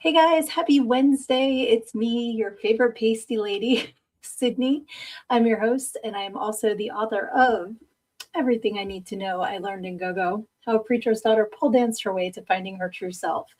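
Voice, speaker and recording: A woman's voice: fairly high pitch, normal speed, darkish tone. Chatty fifty-something woman hosting a podcast. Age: 50s. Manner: chatty, rambling, laughs easily. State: tired from lack of sleep. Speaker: podcast host. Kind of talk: casual live-stream chat.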